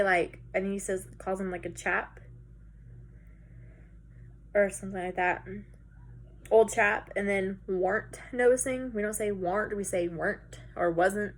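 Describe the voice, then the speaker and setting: A woman teacher talks students through a recorded lesson. She keeps it casual and chatty, with some filler words. Her voice sits at an average pitch.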